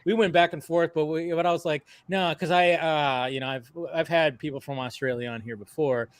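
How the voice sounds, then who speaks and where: A man's voice: on the high side, steady tone, brisk, clean tone, dry recording. A man hosting a casual live stream from California, laid-back and chatty. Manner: laid-back, says "dude" and "man" a lot. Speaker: stream host. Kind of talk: casual chat.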